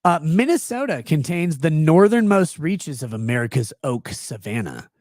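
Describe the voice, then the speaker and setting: A man's voice: on the high side, big pitch swings, normal speed, a little mellow, no echo, studio quality. A man hosting a casual livestream, reading chat messages aloud and riffing on them sarcastically. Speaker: livestream legal commentary host.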